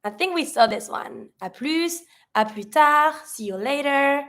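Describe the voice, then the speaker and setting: A woman's voice: high-pitched, lively intonation, a little slow, fairly bright tone. Patient woman teaching French phrases. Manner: patient, asks questions to the learner; mixes French phrases into English explanation. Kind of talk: online language lesson.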